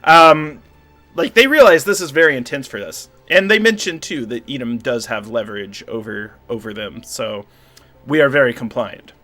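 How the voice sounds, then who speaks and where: A man narrating as game master of a tabletop spy game, relaxed and joking. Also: medium pitch, moderate pace, soft background music. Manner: relaxed, joking, trails into laughter.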